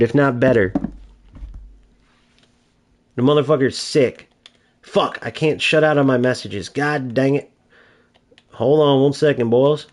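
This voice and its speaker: A fairly high-voiced man streaming a video game and talking over it. He rants in loose, profanity-heavy commentary. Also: a little mellow. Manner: profane, ranting. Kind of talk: casual gameplay commentary.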